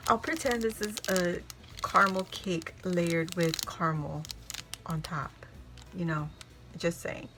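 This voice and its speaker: A woman vlogger from Hawaii excitedly unboxing handmade craft mail, gushing and exclaiming over each piece. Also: lowish voice, slow pace, pauses often, background noise. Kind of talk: casual unboxing chat. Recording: music playing in the background.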